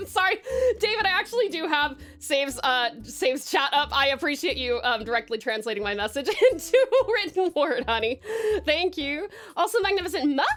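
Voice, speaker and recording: A woman's voice: high voice, expressive, normal speed, a bit bright, faint music behind. A woman from Tasmania, Australia, streaming and greeting her chat in a put-on old-time American mobster accent, playful and calling people darling and doll. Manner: playful, calls chatters darling and doll, laughs often.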